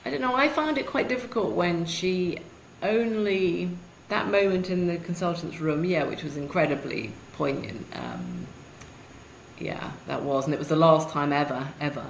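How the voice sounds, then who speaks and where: A woman's voice: lowish voice, lively intonation, normal speed, creaky. A British woman, a guest author, speaking reflectively and thoughtfully in a conversational interview. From United Kingdom. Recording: echoey room with faint noise.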